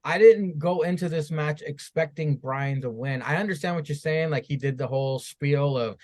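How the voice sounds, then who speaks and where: A man's voice: a little high, normal speed, darkish tone. A man co-hosting a podcast in casual chat, earnestly talking through his reasoning. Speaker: podcast co-host.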